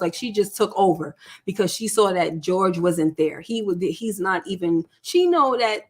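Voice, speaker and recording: A woman's voice: medium pitch, lively intonation, normal speed, hardly any pauses, darkish tone. A woman vlogger talking through a TV series recap in a loose, chatty way, full of "like" and "you know" and checking in with "right?". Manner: chatty, filler-heavy, asks for agreement. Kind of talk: casual TV show recap.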